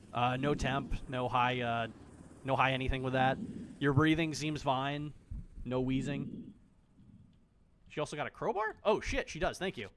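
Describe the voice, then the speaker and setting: A man's voice: medium pitch, fairly bright tone, a little hiss or hum. A man streaming a game, chatting casually, joking, swearing freely and talking straight to the characters on screen. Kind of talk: casual gameplay commentary.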